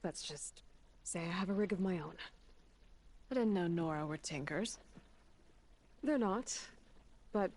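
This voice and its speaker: Aloy, terse focused huntress. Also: female voice, expressive, a little slow, long pauses, darkish tone. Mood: calm, focused. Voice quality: low-key, terse inner monologue. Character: resolute young woman hunter and explorer. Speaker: game protagonist. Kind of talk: video game dialogue. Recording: game audio with clear background noise.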